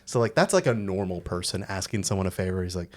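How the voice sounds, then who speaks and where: A man's voice: deep voice, fast talker. A man co-hosting a podcast, chatting casually about a film, acting out characters' lines in raised voices and laughing often. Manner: animated, acts out quotes in raised voices. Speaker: podcast co-host.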